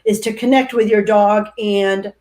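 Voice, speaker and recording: A woman hosting a livestream, giving instructions and reading viewer comments in a steady manner. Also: mid-range voice, unhurried. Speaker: livestream host.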